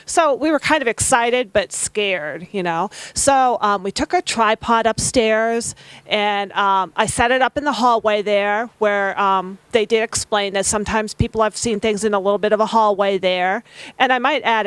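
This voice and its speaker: A woman's voice: medium pitch, normal speed, clear, resonant tone, no echo, poor audio. A woman recounting a ghost-hunting night in a casual, rambling way, correcting herself as she goes. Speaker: ghost hunter filming. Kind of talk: storytelling to an audience.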